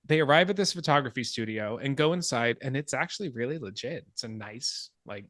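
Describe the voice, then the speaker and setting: Podcast host guy telling a movie plot, bright forceful voice, dry close mic, swears, laughs at himself. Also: medium pitch, lively intonation, a little fast, no room sound. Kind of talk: casual film discussion.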